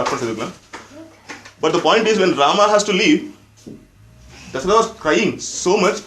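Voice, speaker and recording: A man lectures on scripture to a class. His voice sits a little high for a man. He repeats his points for emphasis and keeps asking the audience questions, and the room around him is echoey. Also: a bit bright. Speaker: religious teacher.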